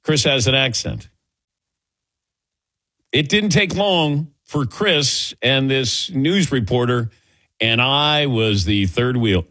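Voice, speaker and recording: A middle-aged man from the Midwest hosts sports radio banter, laughing easily and telling stories with a lively, swooping delivery. His voice is husky and dry. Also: medium pitch, slow, long pauses, dry recording. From American Midwest. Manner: jokey, laughs easily, animated storytelling. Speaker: radio show host.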